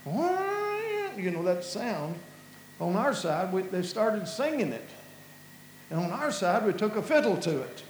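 A man's voice: high-pitched, expressive, a little slow, reverberant, slight background noise, poor audio. A man from Kentucky with an Appalachian accent, giving an impassioned sermon-style talk, repeating words and restarting as his voice rises with feeling. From Kentucky, USA.

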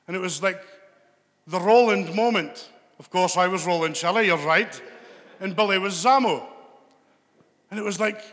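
Here a Scottish man rambles chattily through a comedy set before an audience, poking fun at people in the crowd. His voice sits high with a fairly bright tone, and a hall's long reverb colors the recording.

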